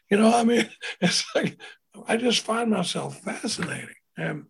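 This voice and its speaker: A man with a gravelly, husky voice that sits fairly high for a man. He tells stories casually and acts out the people he quotes. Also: lively intonation, normal speed. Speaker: recovery speaker. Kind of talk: conversational storytelling.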